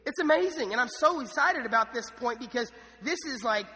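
A man's voice: very high voice, lively intonation, fairly quick, sharp tone. A young man preaching a sermon in a church, enthusiastic and casual, with frequent restarts and fillers. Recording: church hall reverb.

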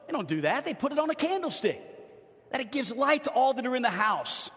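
A pastor from New Orleans preaching a sermon in a church, emphatic, swinging from loud to hushed. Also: male voice, very high-pitched, very animated, fairly quick. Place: church sanctuary. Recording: long hall reverb.

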